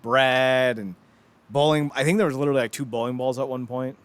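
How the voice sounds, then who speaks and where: A man's voice: medium pitch, brisk, clean tone. A man in his thirties hosting a podcast, chatting casually and joking with lots of laughter. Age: 30s. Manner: animated, joking, laughs often. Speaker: podcast host. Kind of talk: casual chat.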